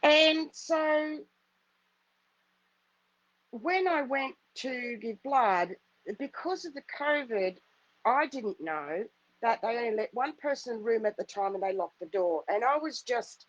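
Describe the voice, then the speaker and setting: A woman's voice: fairly high pitch, animated, a little slow, no room sound, highs cut off. A middle-aged woman, a spiritual healer, telling a personal story in an earnest, repetitive, emphatic way. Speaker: spiritual healer hosting a live stream.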